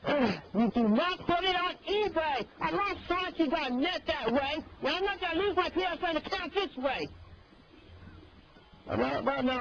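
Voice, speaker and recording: A man pleading and agitated on an archived call recording, sometimes breaking into shouting. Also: very high-pitched, animated, moderate pace. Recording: muffled old call recording, faint hiss.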